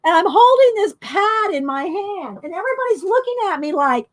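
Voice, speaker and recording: Woman host, chatty rambling storyteller, higher voice, laughs often. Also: lively intonation, a little fast. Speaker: adult coloring video host. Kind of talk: casual storytelling to viewers.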